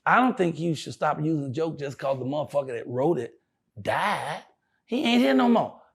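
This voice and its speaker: An older male comedian telling stories in a casual interview, profane and animated, often laughing. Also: on the high side, moderate pace, creaky, slightly rough.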